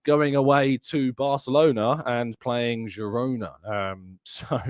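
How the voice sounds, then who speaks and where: A man's voice: medium pitch, fairly even intonation, takes it slowly, no room sound, studio quality. A man hosting a casual live-stream football show, chatting and reading out viewer comments. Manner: chatty, reads live-chat comments aloud. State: out of breath. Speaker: host. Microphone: headset.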